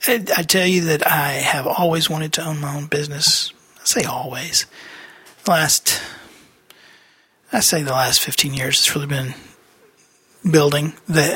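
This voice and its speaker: A man's voice: fairly high pitch, sharp tone, breathy edge, no echo. A man hosting a podcast, giving a casual personal update in a rambling way with many fillers and restarts. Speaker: podcast host.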